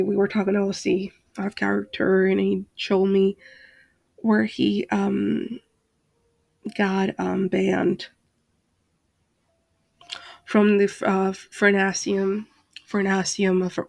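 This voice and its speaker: A woman's voice: mid-range voice, creaky, darkish tone, dry recording. A woman ranting casually to her channel, hesitant with many fillers and restarts, tired from being up late and exasperated. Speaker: channel host, Second Life roleplayer. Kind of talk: casual rant to camera.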